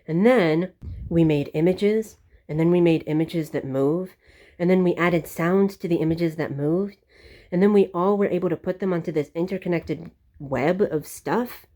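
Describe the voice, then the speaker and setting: A woman's voice: on the low side, normal speed, mellow. A woman giving a reflective commentary monologue, musing and frustrated, full of rhetorical questions and restarts. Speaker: video essayist.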